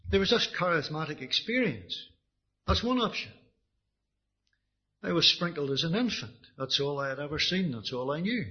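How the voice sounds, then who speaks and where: A Northern Irish man preaches his own testimony in an earnest, halting way, often repeating words as he restarts. His voice is husky and sits a little high for a man. The recording is dull and lo-fi. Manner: earnest, with frequent restarts and repetitions. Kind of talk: personal testimony sermon.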